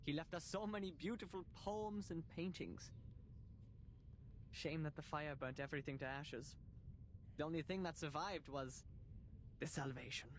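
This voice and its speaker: A pompous, declamatory game character, played by a man giving a showy eulogy. His voice sits a bit high for a man, theatrical and grand, with a faint rumble underneath. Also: moderate pace, pauses often, close to an everyday voice. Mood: grandiose. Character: grandiose male mourner giving a florid eulogy. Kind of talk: game voice acting.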